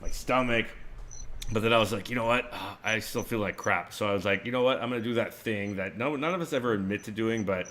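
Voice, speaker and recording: Male co-host, animated storyteller, bright tone, lowish pitch. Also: quick pace. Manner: animated, acts out quotes loudly. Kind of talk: casual chat, storytelling.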